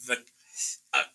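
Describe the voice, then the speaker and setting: Casting: relaxed male painter guest, very bright tone, chatty storyteller. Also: a little hiss or hum, low-quality recording. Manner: laid-back, laughing, acts out quotes. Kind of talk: casual storytelling chat.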